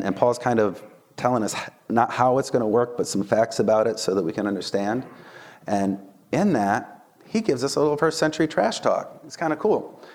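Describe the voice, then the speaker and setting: A preacher and Bible teacher with a lowish voice gives a casual, conversational sermon in an animated style. He keeps checking in with listeners, asking "right?" and "okay?"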